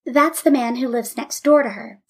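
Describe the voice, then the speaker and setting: A woman voicing an excited, chatty little girl in a storybook reading. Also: on the high side, slightly rough. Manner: eager, quick chatter.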